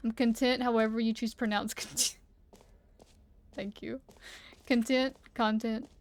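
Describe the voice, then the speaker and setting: A woman gives live game commentary from her home room, joking around and giggling while she plays. Her voice is on the high side, steady in tone, and a little slow.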